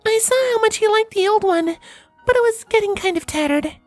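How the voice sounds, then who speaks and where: A woman voicing a gentle, kind pony mare who talks softly and teases lightly. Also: very high voice, lively intonation, brisk, dry recording, faint music behind. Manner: gentle and soft, lightly teasing.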